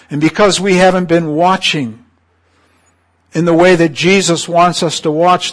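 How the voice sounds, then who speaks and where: Preaching man calling for amens. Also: a little high. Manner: call-and-response, rising to emphatic peaks then dropping soft. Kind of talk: sermon.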